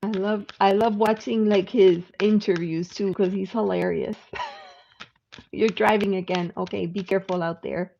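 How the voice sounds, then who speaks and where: A woman's voice: medium pitch, steady tone, moderate pace, creaky, warm tone. A woman hosting a live tarot stream, chatting casually with viewers and laughing often. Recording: slightly dull lo-fi sound with faint noise.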